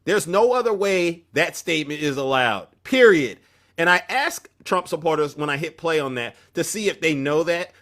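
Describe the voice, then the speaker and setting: A man's voice: on the high side, animated, moderate pace, a bit bright. A man hosting an opinion commentary show, talking emphatically in a preachy tone and often breaking off mid-sentence. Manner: emphatic, preachy, self-interrupting.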